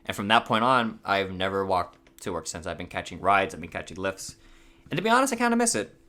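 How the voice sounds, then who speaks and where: Young guy from hawaii telling a story on his podcast, kinda low voice, cusses a lot, voice cracks here and there. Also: big pitch swings, brisk, sharp tone. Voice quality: voice cracks now and then. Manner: rambling, swears often, laughs at himself. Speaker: podcast host. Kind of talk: casual storytelling.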